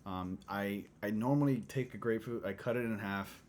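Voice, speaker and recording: A man's voice: lowish voice, normal speed, darkish tone, a little hiss or hum. A man hosting a casual livestream chat, rambling with lots of filler words and chuckling often. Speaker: livestream host.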